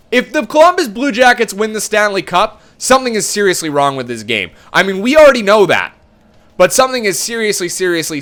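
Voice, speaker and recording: A young gaming video host with a high, fairly bright voice plays a hockey game. He's exasperated, swearing and ranting throughout his commentary.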